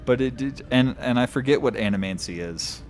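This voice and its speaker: A man's voice: medium pitch, fairly quick, faint music behind. A man streaming a video game, reading lore aloud in a casual way, stumbling over odd names and chuckling.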